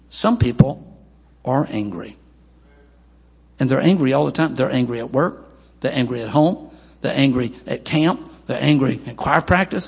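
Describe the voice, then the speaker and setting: Gravelly pastor preaching in a hall. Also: male voice, darkish tone. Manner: emphatic preaching, voices quoted people in a raised pitch. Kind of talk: sermon. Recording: long hall reverb.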